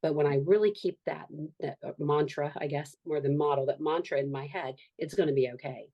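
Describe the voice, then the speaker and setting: A woman's voice: low-pitched, a little fast, dull audio. A woman in her fifties, a podcast guest talking earnestly and reflectively about her life. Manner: earnest, reflective, acts out quoted voices. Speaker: guest, author and social worker. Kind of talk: candid podcast conversation.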